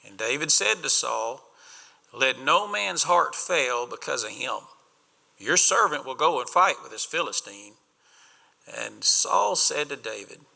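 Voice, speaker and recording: A man preaching a sermon, retelling a story in a folksy, animated way with paraphrased voices. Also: medium pitch, creaky. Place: church sanctuary. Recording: church hall reverb.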